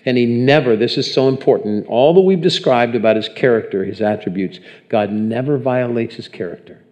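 A man's voice: mid-range voice, fairly quick, mellow, muffled recording. A man preaching a sermon in a conversational way, often putting questions to the congregation. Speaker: pastor.

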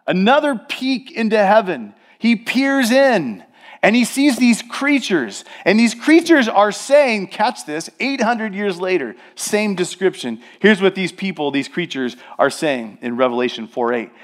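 A pastor preaching a sermon to his congregation, emphatic, slowing down to stress repeated words and speaking straight to his listeners. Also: high-pitched, very animated. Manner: addresses the congregation directly.

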